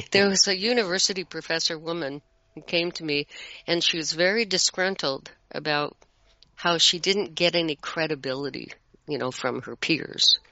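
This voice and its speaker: A middle-aged guest chatting in a bright, forceful voice that carries plenty of spoken examples. The sound is dry and close, with a dull lo-fi quality. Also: mid-range voice, moderate pace, no room sound. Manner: animated, explains with spoken examples. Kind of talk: casual conversation. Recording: dull lo-fi audio.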